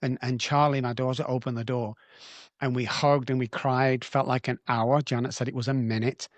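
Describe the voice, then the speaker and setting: A man's voice: mid-range voice, little pitch movement, normal speed, no echo. Blunt English man telling a heartfelt story. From England. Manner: blunt and heartfelt, swears freely. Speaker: guest, addiction recovery doctor. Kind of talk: emotional storytelling in a podcast interview.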